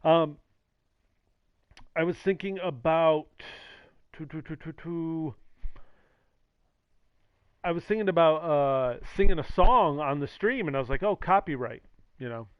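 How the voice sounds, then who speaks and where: A man's voice: fairly high pitch, unhurried, pauses often, clear, resonant tone, no room sound. Jokey rambling man on a dull, dry mic. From the Valley. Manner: jokey, sarcastic, tangents and acted-out quotes. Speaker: streamer. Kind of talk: casual rambling monologue.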